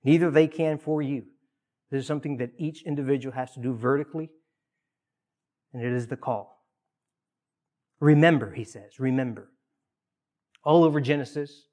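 Earnest male preacher, loud then hushed. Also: mid-range voice. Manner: earnest preaching, swinging between loud emphasis and hushed asides. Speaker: pastor. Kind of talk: sermon.

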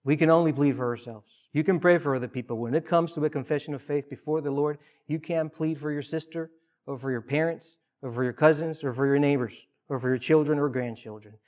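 A man preaching a sermon in an earnest way. He swings between loud emphasis and hushed, quiet asides. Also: on the high side, steady tone, a little fast. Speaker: pastor.

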